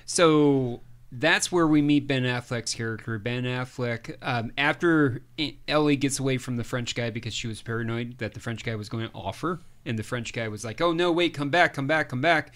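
A man's voice: medium pitch, fairly even intonation, normal speed, few pauses, fairly bright tone. A man co-hosting a podcast, casually recapping a film's plot and acting out the characters' lines. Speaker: podcast co-host. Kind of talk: casual movie review chat.

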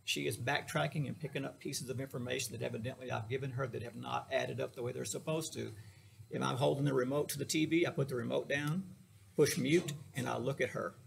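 A man's voice: mid-range voice, vocal fry, slight background noise. A middle-aged man, a therapist, giving a casual lecture in a folksy, joking way, speaking straight to his listeners.

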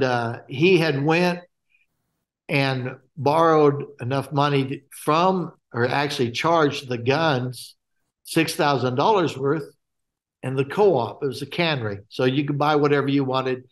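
A man from Alaska, a guest telling his faith testimony in a halting way with many fillers and restarts. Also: mid-range voice.

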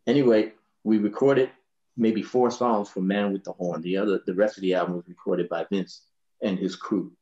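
A man in his sixties, a bass player, telling anecdotes in a relaxed, laughing way, often saying "you know". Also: normal speed, lo-fi sound. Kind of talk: anecdotal storytelling in a panel.

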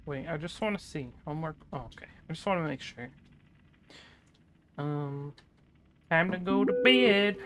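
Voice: mid-range voice, animated, normal speed, long pauses, fairly bright tone, a little hiss or hum. A gaming channel host talking through a horror game playthrough, chattering nervously and breaking into panicked yelps.

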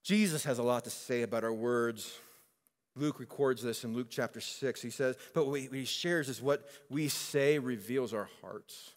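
A male pastor preaching a sermon, conversational and animated, telling stories and acting out quoted lines. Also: mid-range voice, in a large hall.

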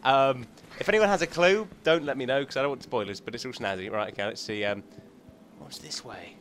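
A man's voice: medium pitch, fairly quick, fairly bright tone, slight background noise. A man hosting a gaming channel, chatting and joking casually as he thinks aloud through gameplay commentary.

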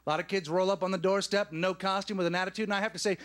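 High-voiced animated male comedian. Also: racing, very noisy. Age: 30s. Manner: animated, emphatic storytelling with punchy asides. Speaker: stand-up comedian. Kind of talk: stand-up comedy set. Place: studio stage before a live audience.

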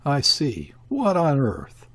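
A man reading aloud, voicing a bewildered, kindly, excitable old man with a husky voice. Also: a little slow. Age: older. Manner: flustered exclamations, raised pitch.

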